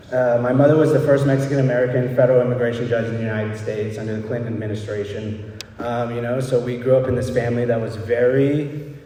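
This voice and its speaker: A man's voice: medium pitch, mellow. Candid young man in an echoey hall. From El Paso, Texas. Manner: loose and candid, leans on "right?" and "you know". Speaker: speaker at a recovery meeting. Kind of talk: personal recovery story. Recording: echoey hall, distant mic, faint background noise.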